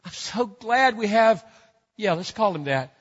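A man's voice: high voice, lively intonation, measured pace. A man preaching a sermon as pastor, emphatic and building to fervent declarations. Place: church sanctuary. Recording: dull sound with long church reverb.

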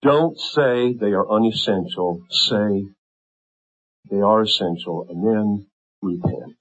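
Fervent preacher man, husky, lo-fi. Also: lowish voice, takes it slowly. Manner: impassioned, rising to fervent intensity and dropping to hushed tones. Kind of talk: sermon.

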